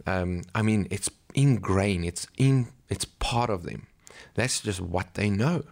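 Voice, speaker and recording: Interview guest: deep, gravelly man from South Africa, anecdotal, filler-heavy. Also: takes it slowly, darkish tone. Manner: storytelling, acts out quoted voices, many ums. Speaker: missionary pastor and teacher. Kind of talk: conversational interview.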